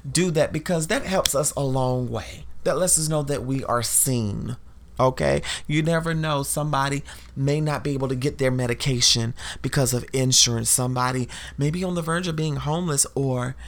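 A woman hosting a podcast, talking in an emphatic, preachy way straight to her listeners and calling them y'all, clearly emotional as she speaks. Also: low voice. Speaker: podcast host. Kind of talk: impassioned podcast monologue.

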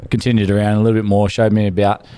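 A man's voice: fairly low pitch, completely flat delivery, rapid-fire, mellow, slight background noise. A young Australian man, a podcast co-host, telling a crude story in a casual chat and acting out the dialogue. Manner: crude, laid-back storyteller, acts out dialogue.

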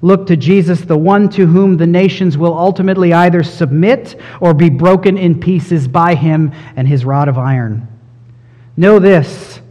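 A man's voice: on the high side, moderate pace, mellow, big-room sound, lo-fi sound. A man preaching an expository sermon, earnest and emphatic, building in intensity.

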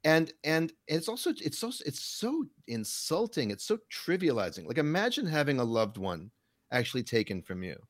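A man's voice: on the high side, big pitch swings, normal speed. A man as a podcast guest, talking casually with dry sarcastic jokes. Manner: sarcastic, joking.

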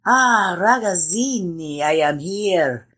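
A kindly old village storyteller, speaking in a husky, slow, teasing way, as a woman reads him. His lines have a low voice that still rises and falls a lot. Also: animated, a bit bright, exaggerated voice. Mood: warm.

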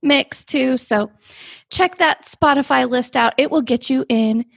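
A woman's voice: sits high, a little slow, vocal fry, breathy edge, no echo, studio quality. A woman co-hosting a podcast in bubbly, gushing casual chat, full of "like". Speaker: podcast co-host.

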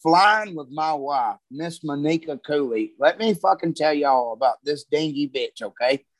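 A man's voice: on the high side, animated, a little slow, no echo. A man telling profane, rambling stories about travel and his wife in casual chat. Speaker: comedian guest.

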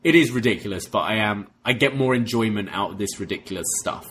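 A man co-hosting a podcast in casual chat, recapping scenes in a relaxed storytelling way. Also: on the low side, fast. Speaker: podcast co-host.

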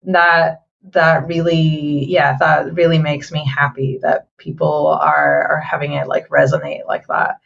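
A woman game developer talking casually in an interview, halting with many fillers and restarts. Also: deep voice, creaky, a bit bright, muffled recording, a little hiss or hum.

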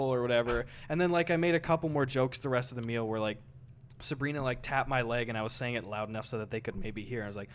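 A man's voice: medium pitch, fast talker. A man co-hosting a podcast, telling a story in casual chat with lots of swearing and acted-out quotes. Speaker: podcast co-host.

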